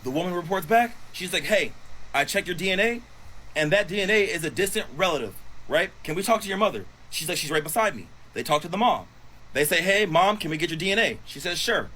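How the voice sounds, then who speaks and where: A man casually retelling a story, animated and acting out the quotes with cursing. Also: sits high, quick pace, rough recording. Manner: animated, swears, acts out quotes. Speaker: storyteller on social video.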